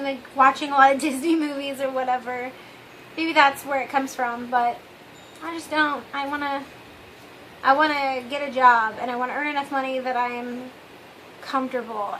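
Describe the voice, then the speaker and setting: On a rough recording with a bit of hiss or hum, a woman with a high, bright, forceful voice hosts her own vlog. She rambles candidly and confessionally to her viewers, trailing off with "I don't know" and tossing in wry, self-mocking asides.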